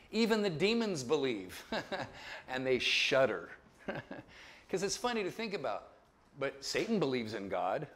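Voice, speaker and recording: A man teaches a Bible lecture with a somewhat high voice that rises and falls a great deal. He keeps checking that listeners follow him and drops in chuckling asides.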